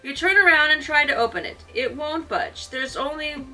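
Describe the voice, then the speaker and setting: A woman co-hosting a podcast, reading a gamebook aloud in an animated way. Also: high voice, moderate pace, recorded from a distance, faint music behind. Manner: animated storytelling. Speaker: podcast co-host.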